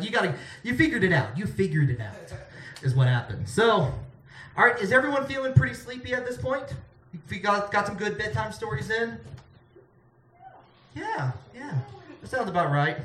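A man's voice: high-pitched, pushed and bright, roomy sound, recorded from a distance. A man hosting a comedy show, reading a silly story in a mock-dramatic way. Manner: mock-dramatic, laughing through lines.

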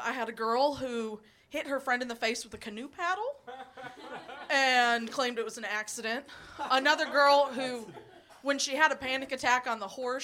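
Young woman, stand-up comedy set, fairly high voice, crisp and bright, crude blunt storytelling, giggles between lines. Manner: loses her place, rambles with fillers.

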